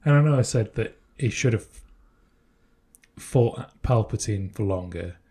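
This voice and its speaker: A man co-hosts a podcast in a relaxed, speculative chat. His voice is husky and fairly low, with a mellow, dark tone. He often restarts his sentences as he works through ideas. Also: unhurried. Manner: thoughtful, speculative, frequent restarts. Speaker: podcast co-host. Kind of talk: casual chat.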